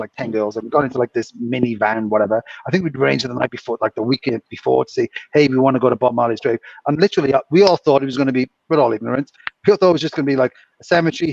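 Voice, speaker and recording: A man's voice: medium pitch, gravelly, no echo. A British man co-hosting a casual chat, telling rambling stories with frequent laughs. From Britain. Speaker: co-host. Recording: distant muffled mic.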